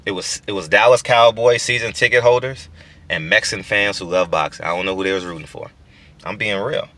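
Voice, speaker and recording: A man's voice: on the low side, a little fast, fairly bright tone. A man in his forties hosting a boxing channel, talking in a casual, profane, emphatic monologue with stammered restarts.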